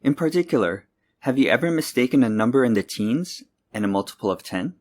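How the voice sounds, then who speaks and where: Man, teacher, scripted lesson, clear and deliberate, mid pitch. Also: animated, a little mellow. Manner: clear, deliberate, slows down to model words. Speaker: English teacher.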